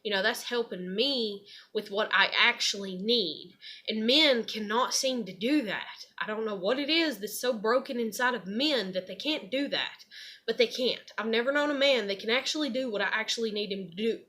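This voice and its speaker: A woman's voice: on the high side, moderate pace, bright, forceful tone. A woman telling a rambling, profane personal story in a heated rant. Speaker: vlogger.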